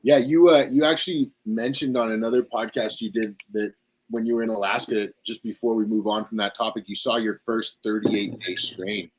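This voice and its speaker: A man's voice: lowish voice, steady tone, normal speed, slight background noise, rough recording. A man hosting a podcast, asking easygoing questions and restarting them as he goes. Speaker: podcast host. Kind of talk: casual interview questions.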